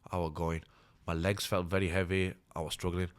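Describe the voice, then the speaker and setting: A man's voice: sits low, flat delivery, a little fast, smooth. A man, a fighter talking candidly and earnestly as an interview guest. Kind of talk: casual interview talk.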